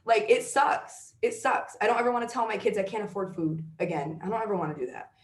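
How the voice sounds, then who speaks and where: Female guest, mid-pitched, emphatic and preachy, repeats lines for weight; echoey room. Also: expressive, quick pace. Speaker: guest, sales team leader. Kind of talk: motivational interview talk. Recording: roomy echo.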